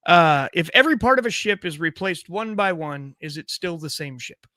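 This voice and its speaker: Playful male host, slightly high voice. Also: animated, moderate pace, sharp tone, dry recording, clean studio sound. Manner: casual, playful, stumbling restarts. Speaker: show host. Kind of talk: live show chat.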